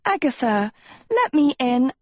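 A woman voicing a vain, sweet-talking teenage girl who coaxes in a high, sugary tone. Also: big pitch swings, measured pace, no room sound, exaggerated voice. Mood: coaxing. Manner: sugary, coaxing, high and wheedling.

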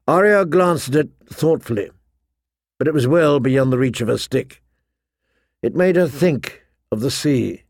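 In a dry, studio-quality recording, a medium-pitched male voice reads a fantasy audiobook. His storytelling delivery stays measured and steady throughout.

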